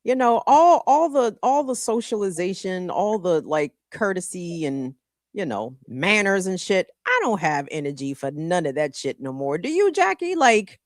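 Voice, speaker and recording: A woman's voice: lowish voice, sing-song, normal speed, no echo, clean studio sound. A woman co-hosting a morning talk show, joking in a playful, blunt, salty way. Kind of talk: casual radio banter.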